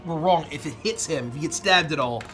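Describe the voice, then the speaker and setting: A man playing a tabletop game, quick and profane in his banter. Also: a little high, pushed and bright, soft background music. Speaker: player. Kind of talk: tabletop role-play chat.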